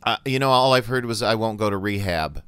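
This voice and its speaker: Older male co-host, low smooth voice, opinionated, halting restarts, dry close sound. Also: lively intonation, a bit bright, dry recording. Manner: opinionated, searching for words. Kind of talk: casual panel chat.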